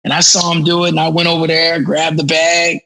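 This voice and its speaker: Gravelly, animated man. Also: a little high, a little fast, rough recording. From Chicago. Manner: animated, slangy, frequent restarts. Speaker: podcast guest. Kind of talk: casual storytelling.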